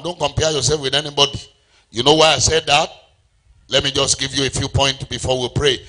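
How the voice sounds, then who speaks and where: Middle-aged Nigerian male preacher, forceful bright tone, sing-song delivery that calls on the congregation. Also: medium pitch. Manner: call-and-response preaching, sings phrases. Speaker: pastor. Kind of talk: sermon.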